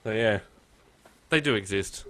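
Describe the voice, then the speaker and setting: Aussie guy co-hosting a podcast, low voice but bright edge, deadpan jokes. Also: a little slow. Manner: dry, deadpan humor; tells anecdotes. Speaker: podcast co-host. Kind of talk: casual chat.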